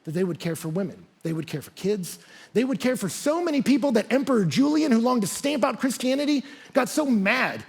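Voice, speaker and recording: A man's voice: very high-pitched, very animated, a little fast, vocal fry, slightly rough. A man pastor preaching a sermon, telling stories animatedly and acting out the quotes.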